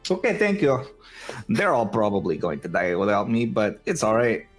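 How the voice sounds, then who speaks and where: A man's voice: lowish voice, big pitch swings, moderate pace, faint music behind. A man voicing a cheerful, teasing miner who keeps tacking "eh" onto his lines. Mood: breezy. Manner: breezy, teasing, chummy. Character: cheerful male miner who jokes and says "eh".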